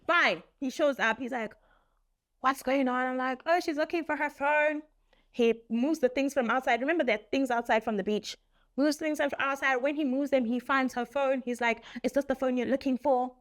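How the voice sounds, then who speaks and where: A young woman telling a story on her vlog in a lively, laughing way, acting out what people said. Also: high voice, moderate pace. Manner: animated, laughing, acts out quotes. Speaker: vlogger. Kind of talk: casual story time.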